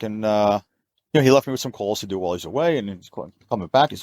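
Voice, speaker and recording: Lively storyteller man, dry low voice. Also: racing, no echo. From New York. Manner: animated, acts out quoted voices in a higher pitch. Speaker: mobile auto technician, podcast guest. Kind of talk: casual storytelling.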